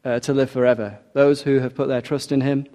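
A man delivers a sermon in an earnest, measured way. His voice is warm and mellow, and he slows down to let the key lines land. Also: mid-range voice, level tone. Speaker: preacher.

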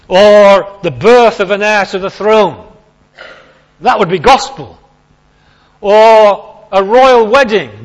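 A man giving an informal, chatty sermon, repeating key phrases for emphasis. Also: sits high. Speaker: preacher. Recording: lo-fi recording.

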